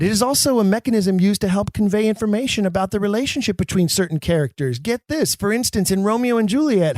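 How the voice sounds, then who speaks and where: A man's voice: high-pitched, no echo, studio quality. A man hosting a podcast, explaining verse to actors in an emphatic way with wry, self-mocking asides. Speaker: podcast host. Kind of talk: explanatory talk on Shakespeare for actors.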